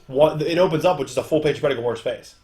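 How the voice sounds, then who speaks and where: A young podcast host rambles through a long, casual recap packed with fillers. His voice sits on the high side, is mellow, and moves very fast.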